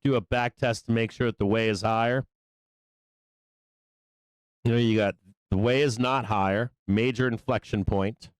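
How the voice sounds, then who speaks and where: Profane, excitable stock trading host. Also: male voice, mid-range voice, clean tone, no room sound. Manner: profane, excitable, loose trader talk. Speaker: stock market show host. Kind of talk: live trading commentary.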